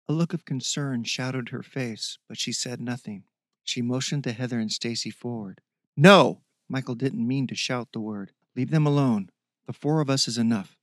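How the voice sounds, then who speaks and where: A man's voice: medium pitch, no echo. Man narrating a story podcast, dry close sound. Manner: steady, even reading with sign-off to listeners.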